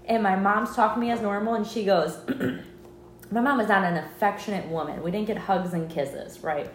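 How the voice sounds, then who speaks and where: A woman's voice: medium pitch, moderate pace. A woman co-hosting a podcast, telling a personal story in casual chat and acting out the voices of the people in it. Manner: animated storyteller, acts out quotes, laughs often. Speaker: podcast co-host. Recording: echoey room, faint noise.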